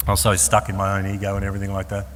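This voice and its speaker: Australian man giving a lively testimony. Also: low voice, very fast. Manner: animated storyteller, acts out voices and asks "okay?". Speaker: speaker at a Christian fellowship meeting. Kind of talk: personal testimony talk. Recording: long hall reverb, faint room noise.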